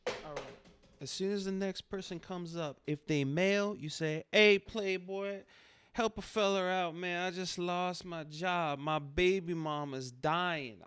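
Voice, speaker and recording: A man's voice: a little high, fairly bright tone, smooth, no room sound, pitched above the performer's own voice. A man voicing a streetwise adult male panhandler who talks in bossy street slang, coaching a newcomer.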